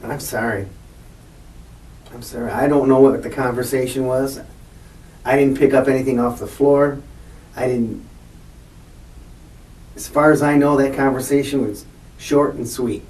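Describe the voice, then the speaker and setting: A man in his sixties under police interrogation, answering in a hesitant, halting, defensive way. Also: mid-range voice, little pitch movement, darkish tone. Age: 60s. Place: interrogation room. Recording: echoey room picked up from far off, faint noise.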